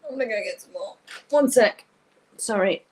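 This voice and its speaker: A woman's voice: mid-range voice, expressive, normal speed, a little mellow, breathy edge, rough recording. A woman hosting a live-streamed craft tutorial from her craft table at home, thinking aloud as she paints and often apologizing. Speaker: craft workshop host.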